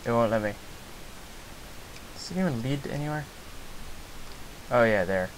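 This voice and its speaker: A man's voice: mid-range voice, animated, normal speed, a little hiss or hum, low-quality recording. Jumpy man commenting on gameplay. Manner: jumpy, rambling, with restarts. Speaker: let's play host.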